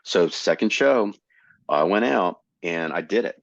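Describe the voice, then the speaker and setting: A man in his sixties from Florida, a comedian guest telling animated stories in casual conversation. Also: low voice, measured pace, creaky, dry recording. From Tampa, Florida. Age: 60s. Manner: animated storyteller. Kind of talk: casual storytelling. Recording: dull, slightly lo-fi dry recording.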